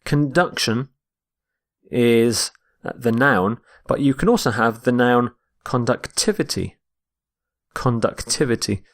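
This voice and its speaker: Male English teacher, slow and deliberate, models each word's pronunciation. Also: mid-range voice. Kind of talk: vocabulary lesson.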